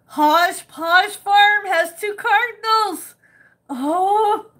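Woman, cooking livestream host; high voice, unhurried, chatty, laughs often while reading comments. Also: a bit bright. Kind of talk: casual livestream chat reading viewer comments.

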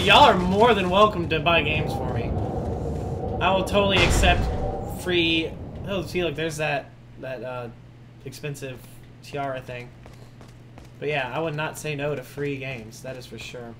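A young man livestreaming a game, chatting with viewers and then yelling and cursing at enemies as they attack. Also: high-pitched, background noise. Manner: swears and yells at game enemies, chats with viewers. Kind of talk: live gameplay commentary. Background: loud game music.

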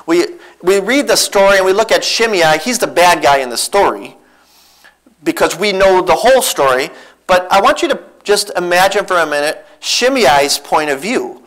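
A man preaching a sermon in a church as a visiting missionary, telling a Bible story with earnest, animated restarts. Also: high voice, moderate pace, low-quality recording. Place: church sanctuary.

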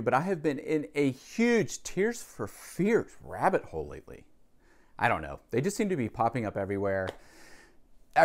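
Low-voiced guy rambling on about stuff he bought, casual vlog chat. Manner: chatty, rambling, with fillers and asides. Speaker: vlogger, record collector. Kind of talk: casual music haul vlog.

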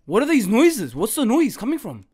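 A man's voice: very high voice, wildly swooping pitch, moderate pace, a little mellow, husky. Jumpy man swearing through a horror game. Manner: jumpy, swears a lot, panicky outbursts. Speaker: gaming channel host. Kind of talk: horror game let's play commentary.

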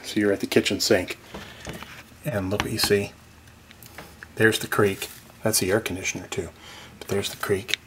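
Speaking at a fairly low pitch with little pitch movement, this man keeps a moderate pace and takes long pauses over a noisy background. He's a real estate vlogger giving a casual, eager tour of a cabin by a creek, addressing the viewer and whispering softly inside the log cabin.

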